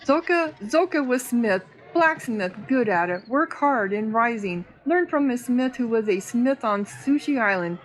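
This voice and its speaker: A woman's voice: on the high side, animated, measured pace, hardly any pauses, poor audio. A woman voicing a drunk, angry male cat-folk blacksmith who speaks in broken, bitter phrases in a game.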